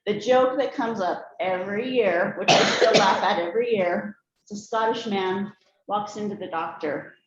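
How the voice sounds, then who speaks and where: A woman's voice: mid-range voice, normal speed. Brief: woman, prepared talk, homey storytelling, echoey hall sound. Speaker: speaker giving a family talk. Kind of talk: prepared speech to a group. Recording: echoey room, slightly dull sound, faint noise.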